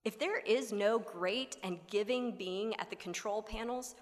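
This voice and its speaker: A woman delivers a sermon in a mid-pitched voice, building rhetorical questions and sometimes sinking to a near whisper. Her voice carries the long reverb of a large hall. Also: measured pace, few pauses. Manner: expressive, rhetorical, drops to near whispers for emphasis. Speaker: preacher.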